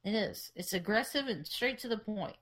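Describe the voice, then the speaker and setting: A woman's voice: medium pitch, lively intonation, normal speed, a bit bright. A young adult woman co-hosting a podcast at a desk microphone, rambling and laughing as she steers the talk. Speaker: podcast co-host. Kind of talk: casual chat.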